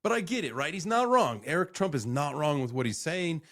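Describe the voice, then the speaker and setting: A man with a fairly high voice speaks fairly quickly while hosting a casual live crypto reaction stream. Reacting to clips, he's animated, rambling and profane.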